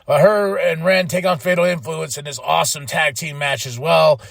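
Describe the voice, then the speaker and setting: A man hosting a podcast, giving a casual, animated wrestling recap, chatty with lots of fillers and restarts, acting out quotes in exaggerated voices. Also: a little high, moderate pace, vocal fry, dry recording, clean studio sound. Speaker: podcast host.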